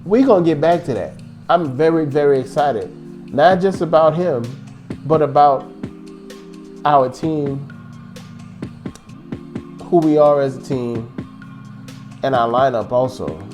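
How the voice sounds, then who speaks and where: Hosting a casual basketball fan show, a man with a fairly high voice speaks slowly and pauses often, rambling and joking in animated banter. Soft music plays in the background.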